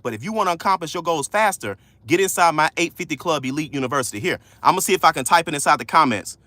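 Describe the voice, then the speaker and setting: A man coaching viewers on a livestream, loud, slangy and preachy, repeating key lines. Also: a little high, animated, quick pace, no room sound. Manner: casual slangy speech. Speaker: credit coach hosting a livestream. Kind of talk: motivational livestream talk.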